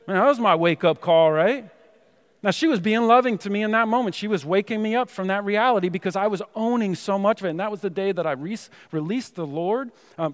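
A man's voice: high-pitched, big-room sound. A man preaching a sermon in a church, talking in a conversational way with many asides to the congregation. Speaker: pastor. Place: church sanctuary.

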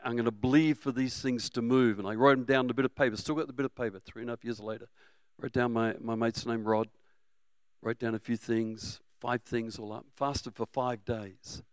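A middle-aged Australian man preaching a sermon, energetic and humorous, sometimes breaking into shouts. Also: medium pitch, a little fast, clean tone, no room sound. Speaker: pastor.

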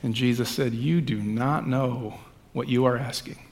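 A male pastor reading scripture aloud and then preaching a sermon, moving between hushed lines and loud ones, with casual asides. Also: mid-range voice, fairly even intonation, a little slow, big-room sound. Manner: reads scripture with dramatic swings from hushed to loud; conversational asides with fillers.

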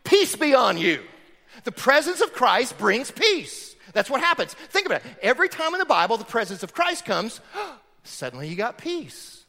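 His pitch is extremely high with big swings, his tone bright and forceful, and his speed normal as this man preaches a sermon. As pastor he's emphatic, peppering the congregation with rhetorical questions, all within a large hall's lingering reverb.

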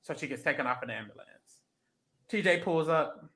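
Animated, swearing podcast co-host. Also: mid-range voice, brisk. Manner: animated, gossipy, swears freely, quotes people in voices. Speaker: podcast co-host recapping a reality show. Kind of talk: casual chat.

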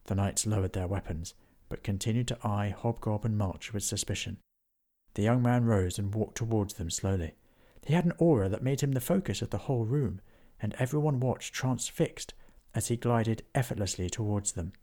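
A man narrating a children's storybook in an even, unhurried way. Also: on the low side.

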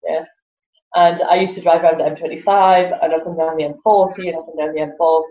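A woman's voice: low voice, fairly even intonation, fast. Woman guest, keeps laughing mid-story, roomy kinda dull sound, faint music under it. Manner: laughs often, acts out voices in her stories. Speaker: guest, laughter yoga teacher. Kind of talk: animated storytelling in an interview.

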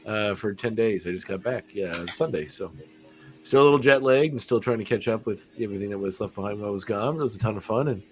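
A man's voice: lowish voice, fast, soft background music. A man co-hosting a podcast, chatting casually with jokes and frequent stumbling restarts. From Canada. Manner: joking, self-deprecating, stumbling restarts. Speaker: podcast co-host. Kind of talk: casual chat.

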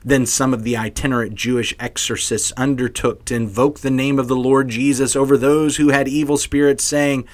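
A man's voice: medium pitch, fairly even intonation, normal speed, few pauses. A man co-hosting a Bible podcast, reading scripture expressively like a story for kids and chatting casually. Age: adult parent. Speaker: podcast co-host.

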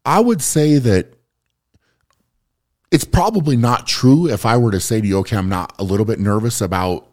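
A man's voice: medium pitch, normal speed, darkish tone. A man hosting a podcast in casual conversation, talking earnestly and often checking in with "right?". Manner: earnest, keeps asking "right?". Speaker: podcast host.

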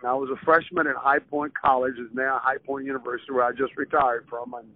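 A man in his seventies from southern Maryland, a retired basketball coach telling stories in a casual, animated way as an interview guest. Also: mid-range voice, fairly quick. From southern Maryland, USA. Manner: animated storyteller, acts out quoted voices. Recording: tinny phone-line audio.

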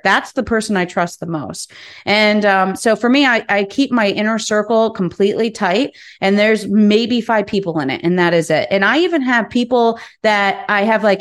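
A woman hosting a business podcast, speaking frankly in a candid monologue, cursing now and then and repeating words as she works through her thoughts. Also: mid-range voice.

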